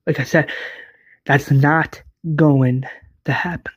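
A man voicing a calm, firm older father figure. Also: a little high, takes it slowly, breathy edge. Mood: reassuring. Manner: reassuring, firm.

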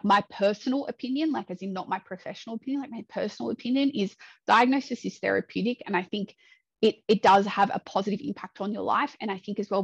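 A woman's voice: mid-range voice, gravelly, breathy edge, no echo. Chatty earnest woman, dull dry sound. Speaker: dietitian guest. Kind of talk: podcast interview talk.

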